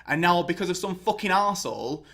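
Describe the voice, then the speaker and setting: A man's voice: high voice, animated, fast talker, fairly bright tone. Sweary young man ranting. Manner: sweary, sarcastic, mocking impressions. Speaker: football fan vlogger. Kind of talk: angry ranting commentary.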